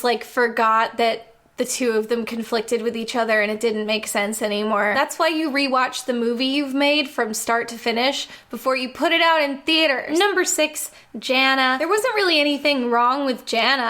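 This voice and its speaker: High-voiced wry woman critiquing a film. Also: a bit bright. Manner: wry, sarcastic, chatty with frequent "like" fillers. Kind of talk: casual countdown film critique.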